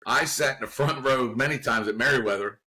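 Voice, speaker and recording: A man from the Baltimore area, a guest actor, telling an animated anecdote in casual conversation with bursts of laughter. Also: mid-range voice, brisk, rough recording. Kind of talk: casual storytelling.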